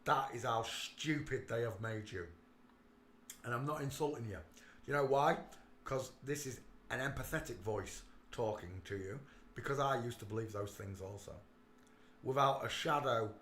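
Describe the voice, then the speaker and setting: Emphatic man with a bright voice, echoey room. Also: medium pitch, a little hiss or hum. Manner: emphatic, swings from mutters to loud outbursts. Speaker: livestream host. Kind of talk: casual livestream commentary.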